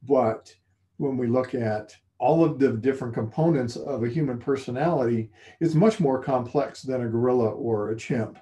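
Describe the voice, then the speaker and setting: A man co-hosting a relaxed conversation about faith, his voice warm and mellow. He talks thoughtfully, pausing and restarting as he works through ideas. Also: medium pitch. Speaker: co-host. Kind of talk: casual faith discussion.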